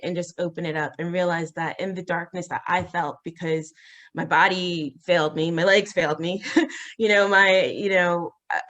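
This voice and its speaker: A woman as an interview guest, telling a personal story in a halting, earnest way with many fillers and restarts. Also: a bit bright. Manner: acts out quoted voices, rising high.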